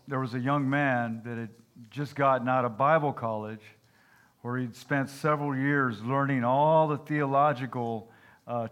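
A man's voice: medium pitch, fairly bright tone. A man preaching a sermon, telling folksy jokes and asking his congregation "Amen?" and "okay?". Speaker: pastor.

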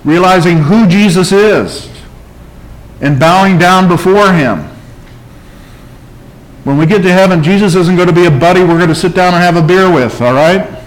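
A man with a slightly higher voice preaches a sermon. He presses his points with rhetorical questions, calls for an amen and drifts into storytelling. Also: normal speed, pauses often, poor audio. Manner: emphatic preaching, calls for amen and tells stories. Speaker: pastor.

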